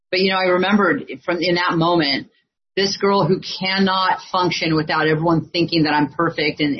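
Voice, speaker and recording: A woman's voice: low-pitched, breathy edge, highs cut off. A woman telling her recovery story to a meeting, candid and conversational with frequent fillers and restarts. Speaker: speaker sharing recovery story. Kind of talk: personal testimony to a meeting.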